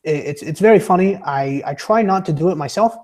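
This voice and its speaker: A young man livestreaming and chatting with viewers, stammering and restarting a lot, his voice rough from a sore throat and his pitch wandering up and down. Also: animated, fairly quick, darkish tone. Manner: rambling, stammering, with many restarts; pitch fluctuates, drifting into a bouncy entertainer's voice. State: sore throat from being sick. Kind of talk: casual chat reading viewer comments.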